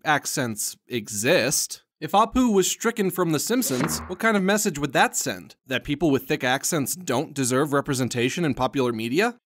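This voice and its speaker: A man's voice: on the high side, fairly bright tone. A man narrating a comedic commentary voice-over, arguing in a sarcastic, mock-earnest way. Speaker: host and narrator.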